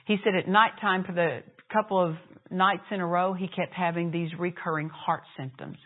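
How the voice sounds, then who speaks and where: A woman's voice: on the low side, fairly even intonation, normal speed. A woman preaching a sermon, retelling a story and acting out laughs and quoted lines. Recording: tinny phone-like sound.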